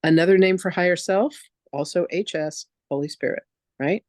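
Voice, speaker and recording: Woman telling a lively spiritual story. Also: lowish voice, normal speed, no room sound. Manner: lively, casual storytelling that acts out quoted voices; frank, with the odd swear word. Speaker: spiritual teacher. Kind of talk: storytelling masterclass talk.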